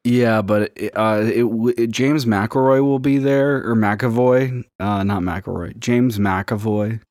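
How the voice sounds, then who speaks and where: Man, podcast co-host, lowish voice, dry sound, rambling, halting. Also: a little mellow, no echo. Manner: rambling, halting, many fillers. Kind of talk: casual chat.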